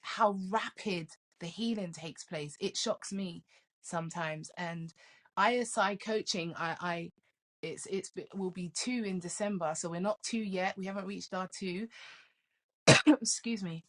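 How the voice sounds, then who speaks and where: Lower-voiced middle-aged woman telling stories. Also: measured pace. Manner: lively, laughs often, repeats words when starting sentences. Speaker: life coach guest. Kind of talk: casual interview storytelling.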